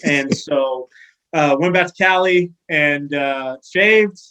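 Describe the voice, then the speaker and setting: A firefighter in his thirties from Sacramento, California, appears as a podcast guest, animatedly telling a casual story with lots of fillers and restarts. His voice is a little high and slow, captured in a low-quality recording.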